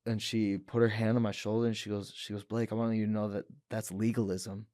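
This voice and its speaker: A man's voice: fairly low pitch, level tone, fast, warm tone, no echo, studio quality. A young man telling his story as a podcast guest, earnest, with restarts and quoted words. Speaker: guest, professional fighter. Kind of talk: emotional personal testimony. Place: podcast studio.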